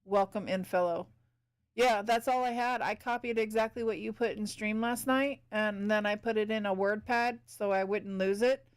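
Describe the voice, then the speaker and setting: A woman streamer chatting casually as she paints. Her voice is smooth and clear, and she keeps up an easy back-and-forth with her viewers while she works. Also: medium pitch, steady tone, normal speed. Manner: chatty, talks to chat while working.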